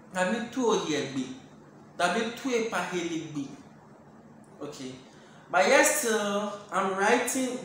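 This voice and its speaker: Patient Dangme-speaking teacher, unhurried, booming reverberant room. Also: fairly bright tone. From Ghana. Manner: repeats each phrase slowly, explains patiently. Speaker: language teacher. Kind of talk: online language lesson. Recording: very echoey room, faint hiss.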